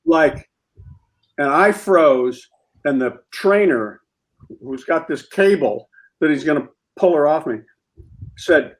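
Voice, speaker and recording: A man telling an animated anecdote as a guest on a comedy talk show, acting out the scenes as he goes. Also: fairly high pitch, takes it slowly, long pauses.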